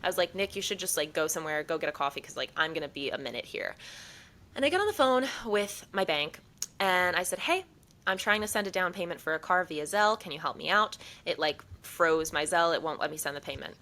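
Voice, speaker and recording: A young woman co-hosts a podcast in casual chat, with a bright, forceful voice sitting a little low. She tells a long story animatedly, slipping into the voices of the people she quotes. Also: animated, quick pace, low-quality recording. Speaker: podcast co-host.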